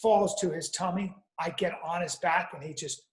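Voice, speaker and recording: A man's voice: fairly high pitch, moderate pace, roomy sound, poor audio. A man telling a rambling, profane comic story on a podcast, with frequent restarts. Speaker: podcast guest or co-host.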